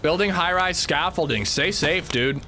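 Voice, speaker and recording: A man's voice: on the high side, normal speed, pushed and bright, a little hiss or hum. A man livestreaming a game, chatting casually and rambling while he reads chat aloud.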